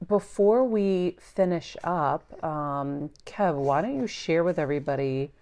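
Low-voiced woman rambling casually on a podcast, lots of ums and likes. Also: unhurried, warm tone. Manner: chatty, rambling with fillers. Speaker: podcast co-host. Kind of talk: casual chat.

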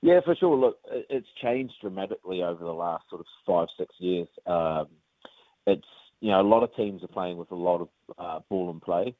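Low-voiced kiwi bloke rambling on a tinny phone line, lots of ums. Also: male voice, moderate pace, no room sound. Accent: New Zealand. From New Zealand. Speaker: professional rugby player. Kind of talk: casual interview over the phone.

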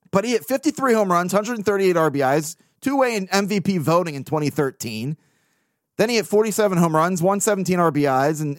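A man hosts a casual sports podcast, venting in blunt, profane bursts. His voice sits a bit high for a man. The sound is dry and close, with no room around it. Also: no room sound. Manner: blunt, profane, venting, with mocking put-on quotes. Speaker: podcast host.

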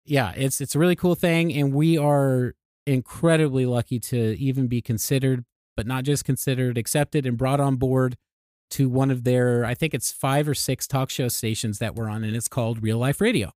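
A man's voice: medium pitch, steady tone, moderate pace, darkish tone, no room sound, studio quality. A man co-hosting a podcast, talking casually and upbeat, laughing often and restarting his sentences. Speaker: podcast co-host.

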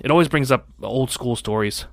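A man's voice: medium pitch, fairly quick, dry recording, clean studio sound. A young man hosting a casual podcast, telling candid, profane stories from school. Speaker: podcast host. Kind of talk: casual chat.

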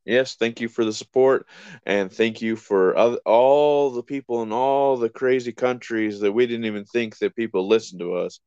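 A man's voice: medium pitch, normal speed, a little mellow, clear, resonant tone, no room sound. A man co-hosting a casual podcast, laid-back and blunt, swearing casually. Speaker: podcast co-host. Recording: slightly dull, lo-fi sound.

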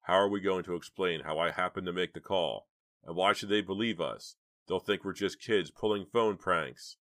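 A man's voice: low voice, normal speed, fairly bright tone, dry recording, clean studio sound. A man doing a stubborn teenage boy. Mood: urgent.

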